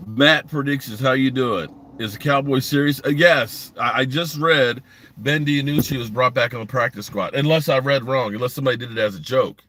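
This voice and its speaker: A man's voice: mid-range voice, brisk, sharp tone. A man hosting a sports podcast live stream from a parked driveway, talking bluntly and rambling while reading comments from his chat.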